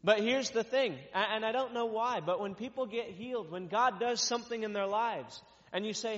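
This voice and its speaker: Male traveling preacher, high bright voice, long-reverb dull recording, reads then riffs casually. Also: moderate pace, hardly any pauses. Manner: reads scripture loudly, then explains in casual repetitive talk. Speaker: traveling minister. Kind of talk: sermon with scripture reading.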